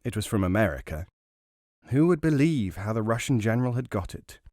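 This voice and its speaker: A man narrating a novel as an audiobook in a measured, dramatic storytelling manner. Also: fairly low pitch, sing-song, darkish tone, dry recording, clean studio sound.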